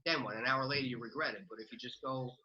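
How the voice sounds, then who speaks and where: A man's voice: medium pitch, fairly even intonation, lo-fi sound, a crowd in the background. A man talking casually as a podcast guest, chatty with lots of filler words. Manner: fast, chatty, many "like" fillers. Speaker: podcast guest, real estate investor. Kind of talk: casual interview talk.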